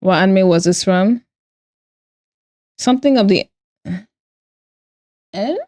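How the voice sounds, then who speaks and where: A woman's voice: mid-range voice, slow pace, a little mellow, no echo, clean studio sound. A young woman streamer chatting casually and playfully with her viewers while she draws, often breaking into giggles. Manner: playful, giggly, talks to chat. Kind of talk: casual live-stream chat while drawing.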